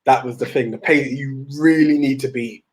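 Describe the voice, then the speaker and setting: A young man co-hosting a podcast, telling stories in a rambling, animated way with many restarts. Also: mid-range voice, normal speed, crowd noise. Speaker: podcast co-host. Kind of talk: casual chat.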